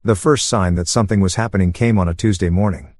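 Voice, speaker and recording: Calm low-voiced male storyteller. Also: quick pace, no echo. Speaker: narrator. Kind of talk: story narration for sleep.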